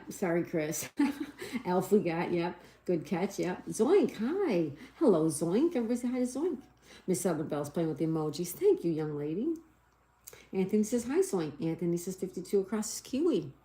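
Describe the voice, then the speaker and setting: A middle-aged woman with a mellow, low-leaning voice hosts a casual livestream. In a cheerful, chatty way she reads viewer comments and spells crossword answers letter by letter, apologizing over any slips.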